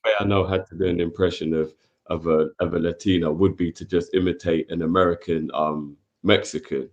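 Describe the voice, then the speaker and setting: A man co-hosting a casual football chat, calm and measured as he makes his point. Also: deep voice, dull audio. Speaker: football podcast co-host.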